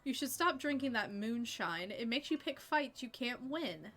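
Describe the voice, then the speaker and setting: A fierce, no-nonsense woman scolds a group of drunks, as a woman reads her out in her own bright voice. She speaks plainly and firmly, with a forceful edge. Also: a little high, lively intonation, unhurried, pitched above the performer's own voice, full character voice. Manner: plain reading with no put-on voice.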